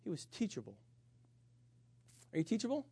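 A man preaching as a pastor, animated and humorous, jumping between loud emphasis and quiet asides. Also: sits high, moderate pace, vocal fry, husky, dry recording. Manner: humorous storytelling with self-mockery. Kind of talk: sermon.

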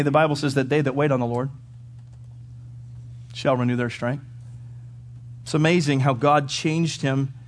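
A man preaching a sermon in a church, talking emphatically and building to fervent peaks. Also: on the high side. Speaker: pastor.

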